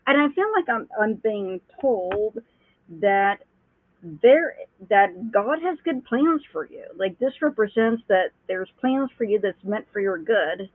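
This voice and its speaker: A woman giving a calm, reassuring rune reading as a psychic reader. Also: medium pitch, no echo. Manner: calm, reassuring, explains slowly. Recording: dry, husky phone-line call.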